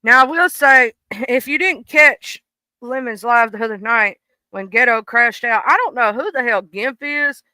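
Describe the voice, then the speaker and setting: Bright, crisp-voiced livestream host. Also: medium pitch, unhurried, no echo. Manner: blunt, preachy, swears freely. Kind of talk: casual livestream commentary. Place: home room. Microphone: desk microphone.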